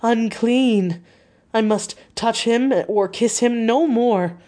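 A woman's voice: on the high side, takes it slowly, dark tone, voice pushed up. A woman voicing a distraught young wife. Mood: despairing. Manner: desperate, sobbing pleas.

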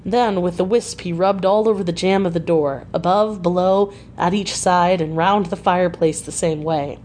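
A woman reading a diary novel aloud in a measured, unhurried way. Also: fairly low pitch, fairly even intonation, darkish tone, slight background noise. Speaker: audiobook reader.

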